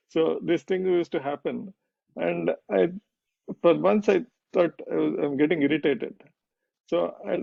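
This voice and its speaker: A man's voice: a little high, creaky, mellow, no echo, highs cut off. A middle-aged man answering questions in a conversational Q&A, telling reflective, jokey stories. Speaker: guest speaker.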